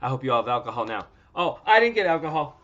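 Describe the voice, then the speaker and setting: Guy in his 30s chatting on a home stream, swears a lot, bouncy lively voice, bright and kinda muffled. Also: mid-range voice, fast, a little hiss or hum. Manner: loose, profane, joking. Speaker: livestream host. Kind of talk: casual livestream chat. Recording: dull lo-fi stream audio.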